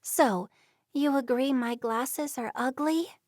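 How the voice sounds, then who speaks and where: A woman's voice: sits high, takes it slowly, a little mellow, no echo, clean studio sound, pitched above the performer's own voice. A woman voicing a reserved, stubborn young Amish woman in a storybook reading, speaking plainly. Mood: defensive.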